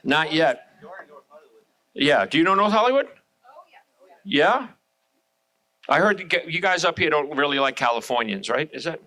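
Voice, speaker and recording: A middle-aged man from Long Island, doing loud, brash, crude stand-up and crowd work on a showroom stage. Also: a little high, animated, normal speed, long pauses. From Long Island, New York. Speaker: stand-up comedian. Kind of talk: live stand-up comedy.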